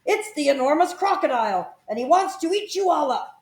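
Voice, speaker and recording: A woman voicing a bold, heroic male elephant who bellows his commands loudly. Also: animated, brisk. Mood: commanding. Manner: loud, high bellowing. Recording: echoey room, from far off.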